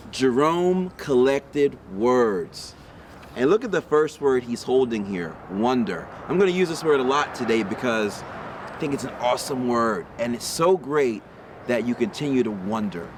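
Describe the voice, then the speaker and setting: A man reads a picture book aloud to children, taking his time over each word and stopping to ask them questions. He sits outdoors in a park on a windy day, with faint street noise and passing cars behind him. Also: medium pitch. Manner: slow, lively read-aloud with questions to young listeners. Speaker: storybook reader for children. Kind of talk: read-aloud storytelling.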